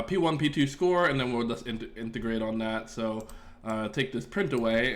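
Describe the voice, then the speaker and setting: A man's voice: mid-range voice, a little hiss or hum. A man streaming his game development, chatting casually and rambling with viewers, self-deprecating and cursing now and then. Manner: rambling, self-deprecating, swears and laughs, talks to chat. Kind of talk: casual live-stream chat while coding.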